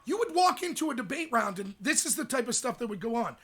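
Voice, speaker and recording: A young adult man hosting a livestream, ranting in rapid, emphatic commentary. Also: extremely high pitch, sing-song, fairly bright tone, husky. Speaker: host.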